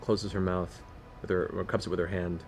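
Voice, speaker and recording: A man's voice: low voice, level tone, moderate pace, a little mellow, faint music behind. A man narrating a tabletop game as game master, in a loose, descriptive way.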